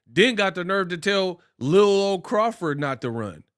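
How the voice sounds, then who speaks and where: A man's voice: high-pitched, normal speed. Slangy Bay man ranting on boxing. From Bay Area, California. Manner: animated, slangy and mocking, puts on voices for quotes. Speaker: boxing commentator. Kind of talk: casual ranting commentary.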